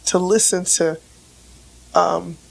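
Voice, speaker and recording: A woman's voice, raspy and hoarse from laryngitis, talks through relationships and mental health in a relaxed podcast chat. She keeps checking in with "right?" and often repeats a word before getting a sentence going. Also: lowish voice, slow pace, low-quality recording. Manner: explains with everyday examples, frequent "right?" checks; repeats words when starting sentences. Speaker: relationship expert guest. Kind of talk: casual podcast conversation.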